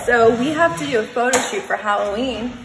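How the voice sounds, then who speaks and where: A young woman in her twenties with a Texan accent, chatting excitedly to a handheld camera in a casual vlog. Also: a little high, fairly quick. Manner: giggly, excited birthday chatter. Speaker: vlogger. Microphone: handheld camera and phone. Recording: loud music behind.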